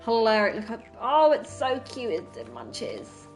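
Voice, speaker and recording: A woman with a slightly raised pitch chats playfully on a game stream, cooing and quick to delight. Soft game music sits faintly behind her. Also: huge pitch swings. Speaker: stream co-host. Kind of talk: casual stream chat.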